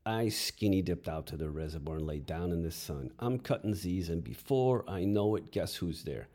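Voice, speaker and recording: A man's voice: deep voice, lively intonation, moderate pace, mellow. A man telling a first-person story with wry, crude humor.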